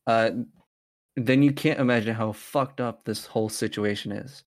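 This man hosts a podcast where he reads a horror story in a loose, profane manner, interrupting himself for casual chat. His voice is medium-pitched with fairly even intonation, at a normal speed.

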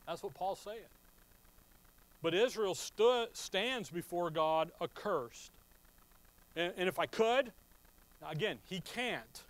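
Man teaching scripture, slightly high voice. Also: poor audio. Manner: conversational teaching, rising to slow emphatic stress. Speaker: Bible teacher. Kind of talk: sermon.

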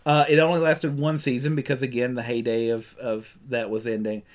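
A man's voice: mid-range voice, flat delivery, a little fast. A man co-hosting a casual podcast, recapping an old cartoon with lots of ums and restarts. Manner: rambling, many ums and restarts, laughs often. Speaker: podcast co-host.

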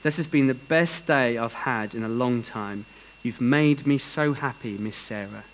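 A preacher voicing a lonely elderly widower in a story, speaking softly and quietly. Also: male voice, mid-range voice, measured pace, in a large hall, voice pushed down, close to an everyday voice, rough recording. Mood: touched.

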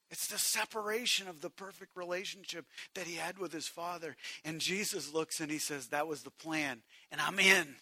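Man, pastor, sermon, high voice, hushed to shouted swings, dry close sound. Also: dry recording. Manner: direct address to the congregation.

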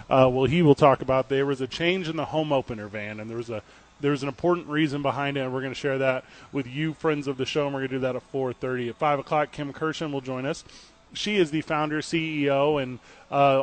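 Man co-hosting sports radio from a pub. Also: mid-range voice. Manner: upbeat, joking, runs the show rundown. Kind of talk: casual sports radio banter. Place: broadcasting live from a pub.

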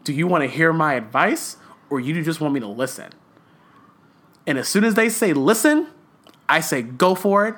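A man co-hosting a podcast in casual chat, ranting with passion and swearing a lot, a little rough around the edges. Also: on the high side, expressive, moderate pace, long pauses, fairly bright tone. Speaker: podcast co-host.

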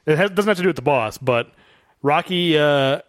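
A young man co-hosting a podcast, chatting casually about a film and breaking into quick voices for the characters. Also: on the high side, dry recording, clean studio sound. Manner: animated, acts out movie quotes in character voices. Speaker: podcast co-host.

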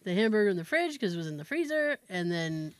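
A woman's voice: medium pitch, very animated, fast talker, a little hiss or hum. Rambling woman telling a story. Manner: rambling storyteller, trails off and restarts. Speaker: podcast co-host. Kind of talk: casual chat.

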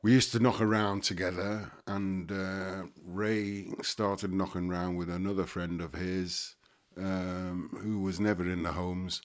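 Older Liverpool man, very deep voice, rambling and halting guest storyteller. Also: level tone. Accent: Liverpool (Scouse). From Liverpool, England. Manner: halting, many fillers and restarts. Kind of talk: casual recollection.

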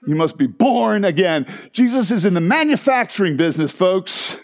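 A man preaching a sermon as pastor, animated and emphatic, with frequent restarts. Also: high-pitched, moderate pace.

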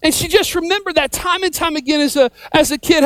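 A woman preaching in a high voice, recorded close and dry. She drives home a repeated refrain, building up to shouts. Her delivery is fervent and emphatic. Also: quick pace, no echo. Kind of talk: sermon.

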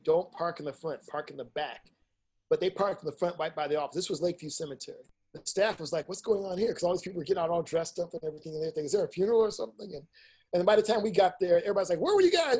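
With a slightly high voice and a breathy edge, a middle-aged independent filmmaker and teacher tells stories in an informal interview. He's animated and straightforward, swears without hesitation, and acts out people's words.

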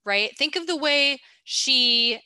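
A woman with a bright, forceful voice talks through a character analysis in casual podcast chat, playful and a little teasing. The sound is dry and close, with no room around it. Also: high-pitched, expressive, slow, dry recording. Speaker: podcast co-host.

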